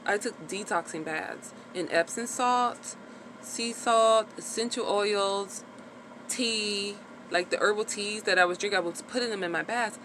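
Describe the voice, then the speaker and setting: Bright-voiced, frank woman vlogger. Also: medium pitch, a little slow, slight background noise. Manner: frank, chatty, peppered with "like" and swearing. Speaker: vlogger sharing her recovery after birth. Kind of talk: casual personal vlog talk.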